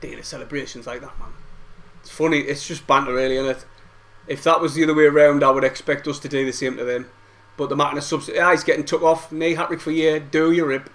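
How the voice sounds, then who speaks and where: A man's voice: on the high side, fairly even intonation, fast, fairly bright tone. A young man reacting to a football match live, frustrated and swearing, full of banter. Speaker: football fan streamer. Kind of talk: live match watch-along commentary.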